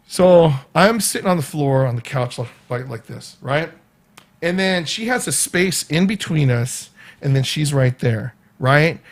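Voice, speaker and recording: A man from California, telling a story in a casual vlog, laughing often and acting out what people said. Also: fairly high pitch. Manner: animated, laughs often, acts out quoted dialogue. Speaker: vlogger.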